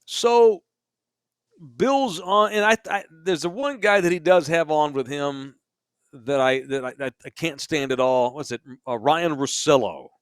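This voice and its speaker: A man co-hosting a casual sports podcast, ranting hard and swearing freely. His voice sits fairly high. The sound is dry and close, with no room echo. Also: a little slow, clear, resonant tone. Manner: profane, emphatic ranting, mocking voices. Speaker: podcast co-host. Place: bar podcast studio.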